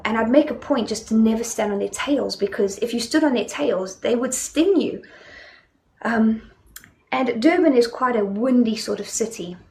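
A woman's voice: a little high, creaky, a little mellow, a little hiss or hum. A young woman with a South African accent preaching a sermon in a conversational, storytelling way, with many fillers.

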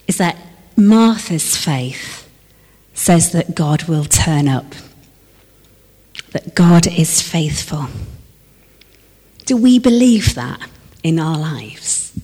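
Reverberant, unhurried woman preaching a sermon. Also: low voice, slightly rough. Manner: expressive, moving between lively emphasis and hushed, slowed reflection. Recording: long reverb of a large hall.

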